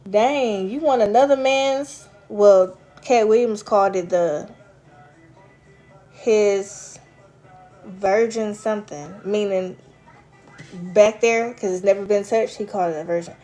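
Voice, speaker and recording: A woman's voice: medium pitch, takes it slowly, dark tone, faint music behind. A woman chatting casually with her viewers, rambling from story to story and answering their comments. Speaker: vlogger. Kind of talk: casual live chat with viewers.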